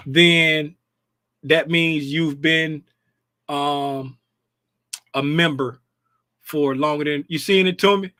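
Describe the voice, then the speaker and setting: A man hosts a casual livestream, chatty and repetitive, drawling along. His voice sits high and bright. The sound is close and dry. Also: steady tone, slow pace, gravelly, pauses often, no echo. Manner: chatty, repetitive, drawling, sing-song asides. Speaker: livestream host.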